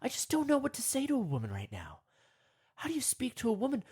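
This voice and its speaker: A young man rambling through a comic meditation monologue, often talking to himself and leaping into high, excited voices. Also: fast talker, slightly rough.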